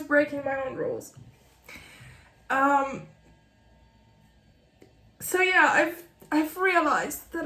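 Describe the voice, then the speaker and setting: A woman in her late thirties speaks with a high, light voice, in slow, unhurried phrases. She gives a candid update to camera from her desk, halting and apologetic, restarting her sentences and laughing through tears. The room around her rings with echo. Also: bright, forceful tone. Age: late 30s. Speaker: author vlogger.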